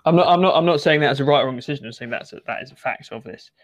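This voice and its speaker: A man's voice: fairly high pitch, very fast. Chatty man rambling about football. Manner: rambling, hesitant, many fillers and restarts. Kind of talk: casual football discussion.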